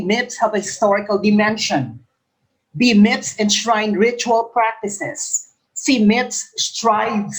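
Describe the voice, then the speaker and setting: A man's voice: high-pitched, low-quality recording. A male English professor with a lisp, coaching future teachers through exam questions by reading each one twice and explaining the answer. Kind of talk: exam review lecture.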